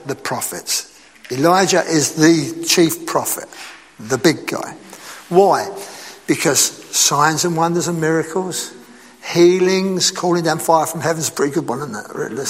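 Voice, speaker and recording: A man preaching a sermon in a lively, conversational way, asking his listeners rhetorical questions. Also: fairly high pitch, a little slow, big-room sound, a little hiss or hum.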